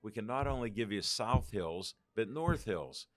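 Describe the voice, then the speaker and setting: An older man rambles through anecdotes in a fairly low voice, slipping into the voices of the people he quotes. His laugh breaks in often. The sound is dry and close, with no room around it. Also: lively intonation, a little slow, no room sound. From Pittsburgh. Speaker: guest. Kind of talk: casual storytelling interview.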